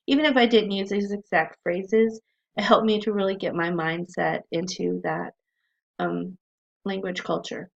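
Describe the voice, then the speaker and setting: A woman's voice: medium pitch, creaky. A woman teaching a recorded writing class, explaining in a friendly way with frequent ums, on a dull lo-fi recording.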